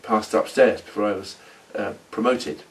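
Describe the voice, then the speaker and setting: A middle-aged man telling his story in a rambling, halting role-play monologue. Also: fairly low pitch, fairly even intonation, recorded from a distance. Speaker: former oil company manager in a role-play.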